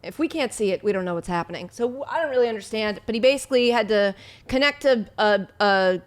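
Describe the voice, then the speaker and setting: A woman's voice: medium pitch, quick pace. A woman in her thirties chatting as a guest on a podcast, teasing and telling stories. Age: 30s. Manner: teasing, lively storytelling. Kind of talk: casual chat.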